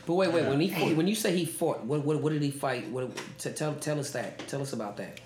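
A man telling stories as an interview guest, lively and acting out quotes. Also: fairly high pitch, a little fast, a little hiss or hum. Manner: lively storyteller, acts out quotes. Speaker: guest actor. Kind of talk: casual interview chat. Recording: roomy echo.

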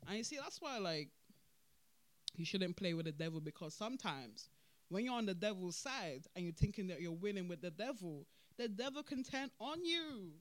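A podcast host, talking through events in animated casual commentary, laughing and repeating points for emphasis. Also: medium pitch, normal speed.

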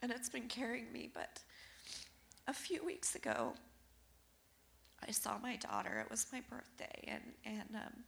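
A woman in a church sanctuary giving a personal testimony while crying, halting and apologetic. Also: a little high, lively intonation, gravelly, a bit bright.

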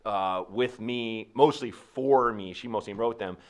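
A man with a fairly low voice, chatting on a podcast as a comedian guest. He rambles through his stories with many restarts, and he gets animated as they build. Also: a little slow. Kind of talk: casual podcast chat.

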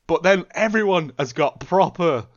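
A man's voice: on the high side, moderate pace, highs cut off. A man guesting on a podcast, chatting casually and cracking jokes about a film. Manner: animated, jokey. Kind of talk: casual film review chat.

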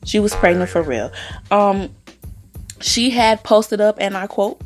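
A woman's voice: mid-range voice, unhurried, long pauses, faint music behind. A woman hosting her own podcast, sassy and chatty about celebrity gossip, calling listeners honey and girl. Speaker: podcast host. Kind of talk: casual celebrity gossip chat.

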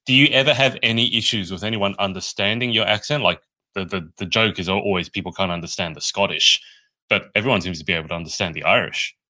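A man's voice: low voice, quick pace, bright, forceful tone. A man hosting a podcast interview, asking curious, friendly questions in a casual way. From Australia. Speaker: podcast host.

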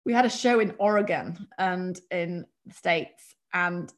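A woman with a mild English accent, a guest telling work stories in a chatty, animated way. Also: on the low side, unhurried. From England. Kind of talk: casual storytelling.

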